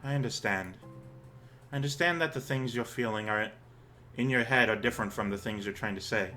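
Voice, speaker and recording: A kind, caring teenage girl speaking calm words of comfort, read aloud by a man. Her voice is even and reassuring, with a bright, crisp edge. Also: mid-range voice, fairly quick, faint music behind, lightly acted. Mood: soothing. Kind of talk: reading a visual novel aloud in character.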